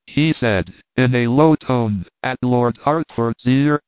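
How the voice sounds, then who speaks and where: A man narrating a classic novel in a steady, measured reading. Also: medium pitch, clean tone, dry recording. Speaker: audiobook narrator. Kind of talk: storybook narration. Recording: dry tinny phone-like sound.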